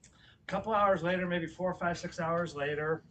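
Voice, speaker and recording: Animated man preaching from across the hall. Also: high voice, normal speed, recorded from a distance, highs cut off, slight background noise. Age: about 50. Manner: animated, swings between loud exclamations and quiet asides. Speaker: guest speaker at a spiritual center. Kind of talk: storytelling sermon. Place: church hall.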